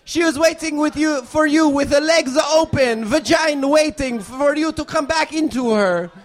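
A man's voice: very high-pitched, moderate pace, pitched above the performer's own voice. A man playing a fake eleven-year-old orphan boy. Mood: earnest. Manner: absurd improv, mock-earnest.

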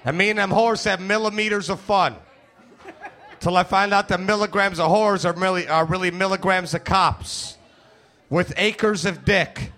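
A man's voice: sits high, normal speed, pushed and bright. A man doing a crude, brash stand-up comedy routine, joking with members of the crowd.

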